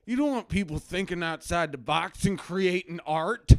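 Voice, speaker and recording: A man putting on a bombastic, self-righteous anti-drug crusader doctor who lectures his audience like a street-corner preacher. The voice sits a little high and sounds smooth and clean, lurching from grumbling asides to loud outbursts. It is recorded close in a dead-dry basement room. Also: animated, moderate pace, dry recording. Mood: preachy. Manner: ranting, preachy, swings between mutters and loud outbursts. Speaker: host. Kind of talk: satirical live-stream rant. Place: home basement.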